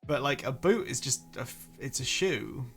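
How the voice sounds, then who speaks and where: A man's voice: mid-range voice, lively intonation, moderate pace, gravelly, fairly bright tone, soft background music. Chatty young Englishman with English accent. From England. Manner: chatty, self-deprecating, stumbles and restarts often. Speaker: streamer host. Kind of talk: casual chat on a live stream.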